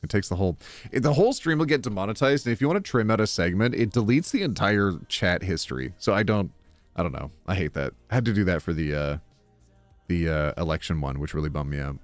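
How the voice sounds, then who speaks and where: A man live-streaming, reading online posts aloud and chatting with his viewers, reacting to chat with sudden loud jumps. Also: deep voice, animated, fast, dry recording, faint music behind.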